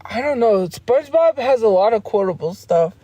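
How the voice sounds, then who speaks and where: A woman's voice: fairly high pitch, animated, normal speed, mellow, dry recording. A woman streamer in casual livestream chat, rambling along with frequent laughs and restarts.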